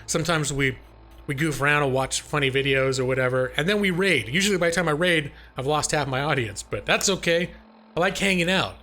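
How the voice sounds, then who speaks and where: A man's voice: a little high, a little fast, sharp tone. A middle-aged man chatting casually with his stream chat, joking and laughing often between remarks. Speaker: live-stream gaming host.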